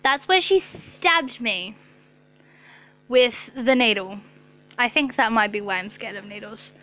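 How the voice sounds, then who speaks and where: A woman's voice: on the high side, unhurried, bright, forceful tone, highs cut off. A young woman telling a rambling story to her camera in her bedroom, swearing often and saying "like" a lot. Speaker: vlogger. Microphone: own camera.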